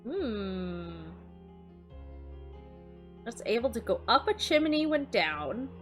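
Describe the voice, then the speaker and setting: A woman streamer with a bright, crisp voice that swings widely in pitch, working through riddles live. She mutters the clues to herself, breaks into frequent laughter and swears when caught off guard. Soft music plays underneath. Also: sing-song, takes it slowly. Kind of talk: casual live-stream chat, solving riddles. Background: faint background music.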